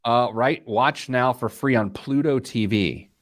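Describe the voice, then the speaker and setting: A man hosting a money podcast in casual chat, joking and animated. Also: medium pitch, no echo, studio quality. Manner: joking, animated, quick asides. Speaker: podcast host.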